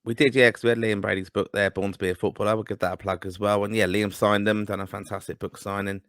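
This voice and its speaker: A man co-hosting a casual football podcast in an easygoing manner. He talks quickly in a somewhat low voice. The recording is dry and close. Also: level tone, fairly bright tone, no echo. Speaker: podcast co-host.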